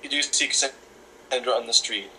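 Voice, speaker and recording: A young man chatting casually, joking and halting, with many fillers. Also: medium pitch, bright, forceful tone, slight background noise, low-quality recording. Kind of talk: casual chat.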